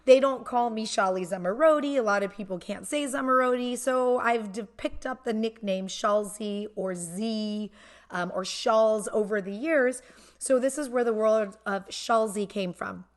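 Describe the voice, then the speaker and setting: A woman's voice: on the high side, measured pace, distant mic. A woman in her thirties hosting a casual live stream from home, chatty and playful, cooing at her baby, recorded on a computer mic in an echoey room. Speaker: host.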